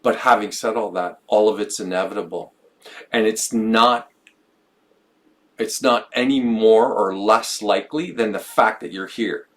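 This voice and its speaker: A man with a fairly low voice talks through ideas on a podcast. He muses, repeats himself and restarts phrases as he thinks aloud. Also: a little slow. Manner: musing, stumbles and repeats words. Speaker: podcast co-host. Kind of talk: reflective conversational podcast talk.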